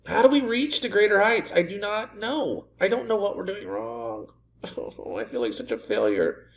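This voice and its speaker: In his let's-play commentary of a football management game, this gaming video creator turns sarcastic and exasperated, frequently ranting at his team in self-mocking fashion. His high voice has big pitch swings and vocal fry at a moderate pace.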